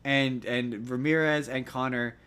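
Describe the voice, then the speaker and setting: A man co-hosting a podcast, chatting casually and animatedly, slipping into quick jokey impressions. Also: medium pitch, fairly even intonation, over a noisy crowd. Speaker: podcast co-host. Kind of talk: casual chat.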